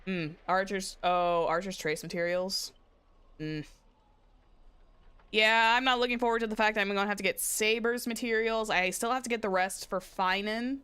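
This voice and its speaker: A young woman streams a story game, bubbly and full of giggles. Her voice comes through smooth and clean at a middle pitch as she chats and reads lines aloud. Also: steady tone, normal speed, pushed and bright, dry recording. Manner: giggly and playful. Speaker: VTuber streamer. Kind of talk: casual game-stream chat, reading dialogue aloud.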